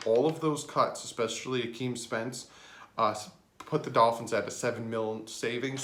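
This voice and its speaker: A man giving casual fan commentary on his sports vlog, full of joking, sarcastic asides and sudden jumps in pitch. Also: a bit bright. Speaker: sports vlogger. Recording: roomy echo.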